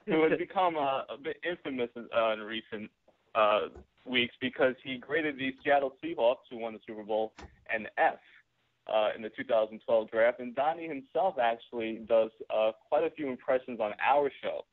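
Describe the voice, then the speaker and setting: A male co-host teasingly sets up a bit, with plenty of hesitations. His voice has a middle pitch for a man. It comes through a dry, tinny phone line. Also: normal speed, no echo. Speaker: podcast co-host. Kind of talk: casual radio banter.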